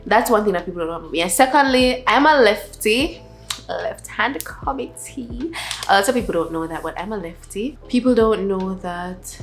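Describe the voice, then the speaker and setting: A young woman vlogger in a casual sit-down chat, talking softly and rambling with many filler words. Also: medium pitch, lively intonation, moderate pace, soft background music.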